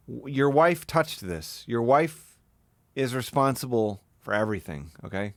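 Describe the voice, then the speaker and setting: A man's voice: medium pitch, animated, measured pace, dry recording. A young adult man streaming live, casually commenting on a clip he's watching and mocking it with plenty of swearing. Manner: mocking, profane, mimics the clip.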